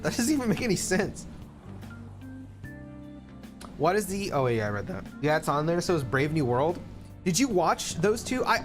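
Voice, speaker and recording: A man from the Philippines chatting casually and profanely while streaming a game, with rambling asides and jokes. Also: a little high. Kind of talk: casual live-stream chat over gameplay. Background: game music.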